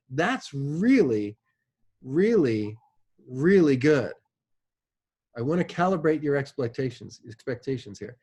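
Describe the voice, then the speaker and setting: A man's voice: mid-range voice, darkish tone. Casual, chatty male instructor. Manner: casual, chatty, checks in with "right?" often; many fillers like "like" and "you know". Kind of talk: classroom lecture.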